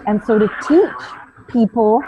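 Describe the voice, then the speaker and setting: A woman teaching a breathing class over a video call, calm and patient, demonstrating the breaths aloud. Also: mid-range voice, noisy background. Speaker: ayurveda and yoga teacher. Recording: phone-like, narrow band.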